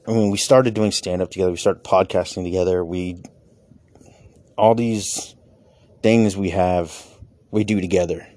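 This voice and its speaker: Low, mellow-voiced man musing candidly. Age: adult with children. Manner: rambling, candid, swears casually. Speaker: comedian and podcaster. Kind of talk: casual personal reflection.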